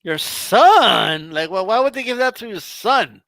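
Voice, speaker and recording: A male co-host trading teasing jabs in loose, casual banter and tossing "bro" into almost every line. His voice is high and bright. The recording is close and dry. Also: animated, measured pace, creaky, no room sound. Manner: teasing, says "bro" constantly.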